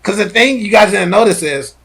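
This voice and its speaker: A man's voice: high voice, lively intonation, fairly quick, gravelly, a bit bright, slightly rough. A man hosting a podcast, telling stories animatedly in casual chat with lots of filler words. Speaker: podcast host.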